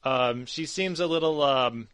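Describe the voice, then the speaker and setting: A man's voice: mid-range voice, unhurried, clean tone, no room sound. Game master, male, rambling easy delivery, dry close sound. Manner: relaxed, rambling with many ums. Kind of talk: narrating a tabletop game.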